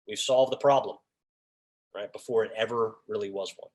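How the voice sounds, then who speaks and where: A man's voice: fairly low pitch, moderate pace. A man leading an officials' training session on a video call, talking casually and acting out what officials and coaches say. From raised by Long Islanders. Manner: animated, acts out lines of officials and coaches. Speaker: officiating instructor.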